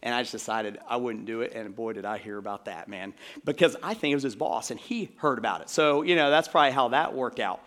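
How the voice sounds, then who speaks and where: A man's voice: mid-range voice, fast talker, hardly any pauses, a bit bright. A middle-aged man from Georgia preaching a sermon as pastor, in a conversational way with many fillers and asides to the congregation. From Georgia, USA.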